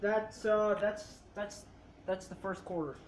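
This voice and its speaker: A woman's voice: mid-range voice, fairly even intonation, slow, slight background noise. A young woman casually chatting and teasing her sister while playing a football video game, laughing often and stumbling over repeated words. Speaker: gaming channel host. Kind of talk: casual gameplay chat.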